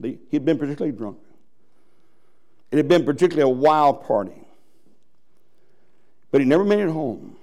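A man preaching a dramatic sermon as pastor, swinging from loud high bursts to hushed drops. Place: church.

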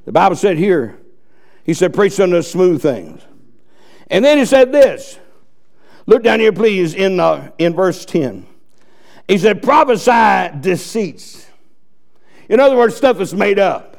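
A man's voice: sits high, very animated, unhurried, vocal fry, pauses often. A man preaching a fiery, folksy sermon with bursts of emphasis.

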